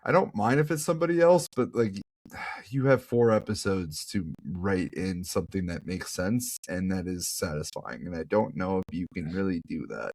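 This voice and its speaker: A man's voice: low voice, moderate pace, creaky, no echo, clean studio sound. A man co-hosting a podcast, musing through theories in a hedging, casual way. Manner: lively, musing, hedging speculation. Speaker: podcast co-host. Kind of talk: casual chat.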